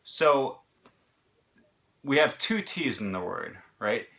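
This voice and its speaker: A man's voice: mid-range voice, very animated, takes it slowly, bright, forceful tone. A man with an American accent explaining pronunciation in a casual lesson, talking in short bursts with fillers and restarts. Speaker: language teacher.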